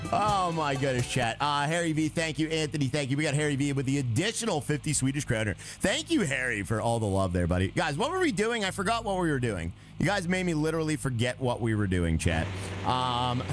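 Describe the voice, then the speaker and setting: A young man talks through a game on a live stream in a lively voice that rises and falls a lot. He sits a little high in pitch for a man, laughs often and keeps answering his chat. Music plays steadily behind him. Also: brisk. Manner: chatty, reads out chat messages, laughs often. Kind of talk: casual live-stream gameplay commentary.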